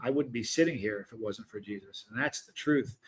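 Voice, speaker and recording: Speaking fairly quickly in a medium-pitched voice, this livestream host chats loosely and reads out comments from viewers. He rambles and keeps interrupting himself, stopping and starting sentences over.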